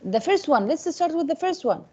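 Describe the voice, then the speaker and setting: A woman's voice: sits high, sing-song, fairly quick, mellow. A woman teaching an English class, often checking in with her students by asking "Okay?". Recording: dull lo-fi classroom recording.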